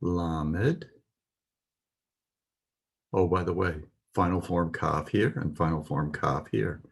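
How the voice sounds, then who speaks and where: A man with a husky voice teaching a lesson, reading words slowly and carefully with some pauses. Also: sits low. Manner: spells out words carefully, pausing with "uh". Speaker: Hebrew teacher. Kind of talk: slow, deliberate lesson.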